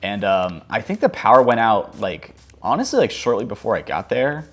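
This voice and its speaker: A man's voice: fairly low pitch, big pitch swings, normal speed. A man telling a casual story over gameplay, rambling along with many fillers like "like" and "um". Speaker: gaming channel host.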